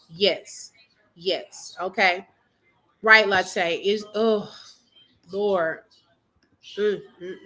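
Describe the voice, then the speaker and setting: Middle-aged woman on a livestream, emotional, bright voice, chatting with viewers and reading comments. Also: medium pitch, poor audio. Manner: emotional, talks straight to viewers and reads comments. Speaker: livestream host. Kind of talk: casual livestream chat.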